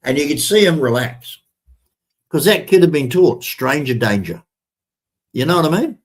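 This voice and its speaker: A man's voice: a little high, lively intonation, normal speed. Chatty older man telling a story. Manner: chatty, repetitive, addresses viewers as ladies and gentlemen. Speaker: vlogger. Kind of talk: casual storytelling to camera.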